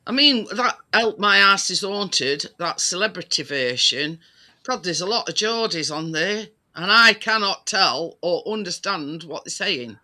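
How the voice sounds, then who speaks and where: A British man chatting casually, his voice high and very bright. He talks slowly and rambles, restarting sentences and dropping fillers as he goes. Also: animated. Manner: rambling, many restarts and fillers, laughs easily. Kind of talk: casual chat.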